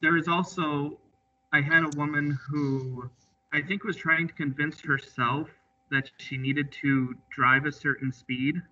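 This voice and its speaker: Man telling examiner anecdotes, bright voice. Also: on the high side, fairly even intonation, unhurried. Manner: easygoing, recounts with quoted dialogue. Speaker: drive examiner. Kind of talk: storytelling in an interview. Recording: slightly distant, muffled audio.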